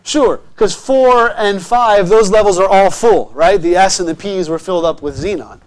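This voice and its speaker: A man teaching a chemistry lesson in a classroom, his voice sitting quite high. He keeps encouraging the students and checks often that they follow. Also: normal speed. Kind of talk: classroom lecture.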